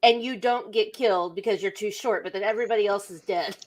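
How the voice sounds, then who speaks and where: A woman hosting a casual podcast chat, talking in a chatty way with quick asides. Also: medium pitch, a crowd in the background. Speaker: podcast host.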